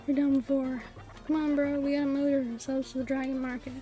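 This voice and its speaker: A woman voicing a dim-witted young male bro sidekick from a video game, in a slow, dopey drawl. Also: sits high, level tone, dark tone, faint music behind, close to an everyday voice.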